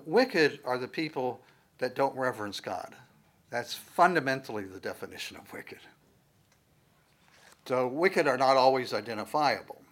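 A male pastor teaching a sermon from the Bible in a conversational way, building to loud, emphatic stresses on key words. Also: medium pitch.

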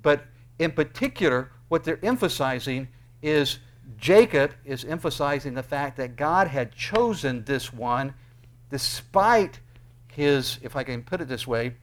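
A male pastor preaching an earnest sermon, with emphatic rises and quick bursts between quieter explanations. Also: a little high, animated.

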